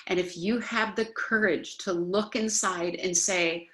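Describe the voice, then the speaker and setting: A woman's voice: fairly even intonation, measured pace, hardly any pauses, fairly bright tone. A woman teaching a spoken self-help class in an earnest, coaching manner, now and then acting out indignant voices. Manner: earnest, acts out indignant voices with rising pitch.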